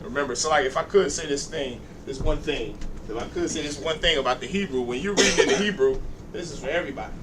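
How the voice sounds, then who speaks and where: A man's voice: a little high, fast, background noise. A man teaching a class, explaining how to read and encouraging a student as he corrects his pronunciation. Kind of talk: classroom instruction.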